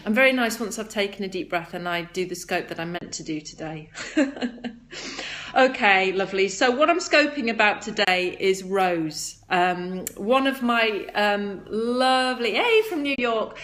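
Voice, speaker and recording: A woman hosting a casual livestream, chatting in a bubbly, high-energy, rambling way and reading viewer comments aloud, recorded on a phone camera at a table indoors. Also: animated, normal speed, few pauses, a bit bright. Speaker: livestream host selling flower essences.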